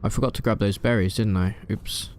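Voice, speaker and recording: A man's voice: fairly low pitch, steady tone, brisk, darkish tone, slight background noise. A man chatting casually while streaming a game live from his room at home, rambling and answering chat with plenty of fillers.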